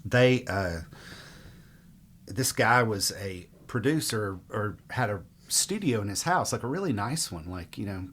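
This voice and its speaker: A middle-aged man from Mississippi, telling stories in a rambling, relaxed way as a musician guest in an interview. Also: fairly low pitch, a little slow, a little hiss or hum. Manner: relaxed, rambling, frequent fillers. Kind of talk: casual interview storytelling.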